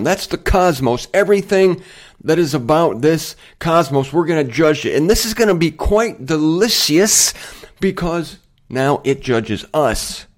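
A man hosting a Bible teaching show, chatty and digressive, with self-deprecating humor and emphatic points. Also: a little high. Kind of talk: casual Bible teaching monologue.

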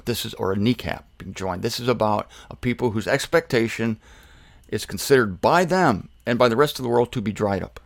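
A man's voice: on the low side, normal speed, vocal fry, no room sound, studio quality. A man preaching a sermon, emphatic, posing rhetorical questions and answering them himself.

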